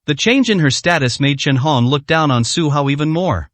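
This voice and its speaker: A man narrating a translated web novel in a plain, even reading manner. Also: fairly high pitch, normal speed, no room sound. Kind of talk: storybook narration.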